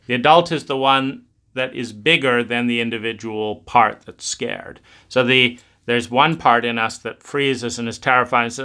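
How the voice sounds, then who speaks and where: A man gives a reflective self-help talk on adulthood, musing conversationally and acting out inner voices along the way. His mid-range voice is pushed and bright, at a normal speed.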